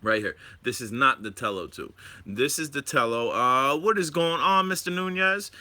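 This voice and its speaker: A man hosting a live stream at home, rambling excitedly and talking to his viewers about drones. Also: medium pitch, moderate pace. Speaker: drone channel host.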